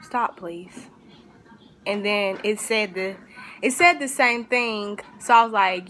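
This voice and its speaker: A woman's voice: medium pitch, slow pace, a bit bright. A young woman telling a personal story in a casual, rambling way, full of fillers and restarts, with a faint hiss behind her. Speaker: vlogger.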